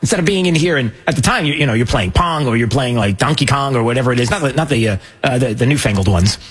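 A man's voice: mid-range voice, lively intonation, fast, breathy edge. A man hosting a show, talking loosely with jokes and lots of fillers. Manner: rambling, joking, many fillers. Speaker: host. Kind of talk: casual commentary.

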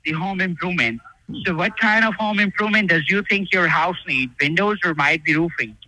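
A man acting as a telemarketing supervisor, formal and polite in a scripted sales pitch. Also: brisk, pushed and bright, no echo, low-quality recording.

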